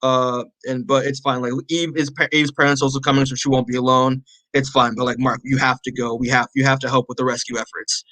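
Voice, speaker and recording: A man co-hosting a podcast, casually recapping a comic issue with lots of fillers and quick acted-out character lines. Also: mid-range voice, level tone, fairly bright tone, dry recording, poor audio. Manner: rambling, many fillers, acts out characters' lines. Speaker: podcast co-host.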